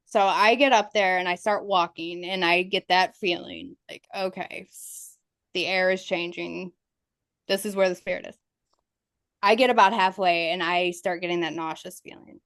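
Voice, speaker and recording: A woman's voice: medium pitch, dry recording, studio quality. A woman, a ghost investigator guest, telling her experiences as a vivid storyteller who laughs through the tense moments. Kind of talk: interview storytelling.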